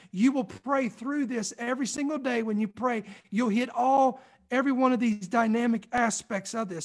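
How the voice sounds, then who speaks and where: A middle-aged man preaching a teaching sermon, earnest and repetitive, with many fillers. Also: very high-pitched.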